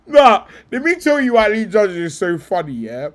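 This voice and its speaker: Excitable young man laughing as he streams. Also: high-pitched, normal speed, hardly any pauses. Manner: excitable, laughing, swearing, talks in bursts. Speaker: streamer reacting to clips. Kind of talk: casual live-stream chat.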